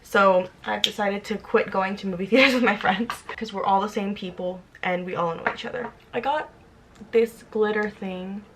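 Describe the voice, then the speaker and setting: A woman's voice: medium pitch, fairly even intonation, normal speed, noisy background. A woman in her twenties chatting casually while doing her makeup, rambling and self-deprecating. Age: 20s. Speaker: vlogger. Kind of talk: casual get-ready-with-me chat.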